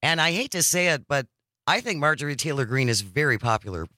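A man's voice: on the high side, big pitch swings, fairly quick, bright, forceful tone, no room sound, studio quality. A man hosting a radio talk show, chatting enthusiastically with a co-host and callers. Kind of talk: casual radio chat.

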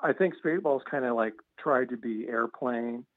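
A man's voice: medium pitch, moderate pace, dry recording. Rambling male guest on a tinny phone line. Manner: rambling, repeats words, laughs at his own stories. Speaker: author guest. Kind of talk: casual radio interview.

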